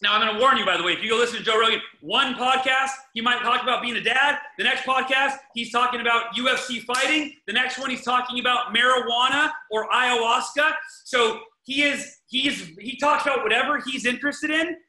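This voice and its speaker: Energetic and emphatic, a man hosting a podcast dispenses casual parenting tips, frequently repeating himself and restarting sentences. He speaks in a very high-pitched voice, fairly quickly with barely any pauses, in an echoey room.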